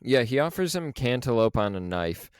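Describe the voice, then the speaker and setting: A man co-hosting a podcast, casually recapping a horror film with animated, profane storytelling and frequent laughs. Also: medium pitch, normal speed, clean tone, dry recording, clean studio sound. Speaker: podcast co-host.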